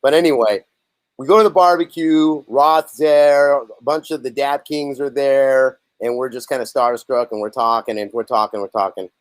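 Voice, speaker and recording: A band's lead singer and songwriter, appearing as a guest in a casual interview, tells animated stories and acts out the lines of the people in them. His voice is medium-pitched, with no echo.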